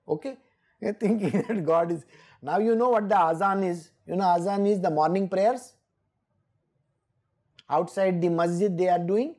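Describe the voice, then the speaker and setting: A woman's voice: mid-range voice, mellow. A woman giving a scripture exposition, emphatic and scolding, often laughing. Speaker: spiritual teacher.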